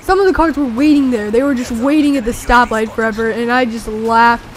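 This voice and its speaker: A young teenager rambling excitedly through a story with many fillers, talking over gameplay. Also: mid-range voice, brisk, a little hiss or hum. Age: young teen. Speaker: gameplay commentator.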